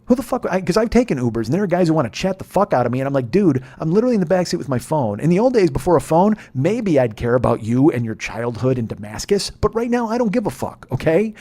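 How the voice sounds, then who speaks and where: A man hosting a podcast, telling a profane, ranting comedic story that swings between muttering and loud exasperation. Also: a little high. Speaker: podcast host. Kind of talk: rambling comedic monologue.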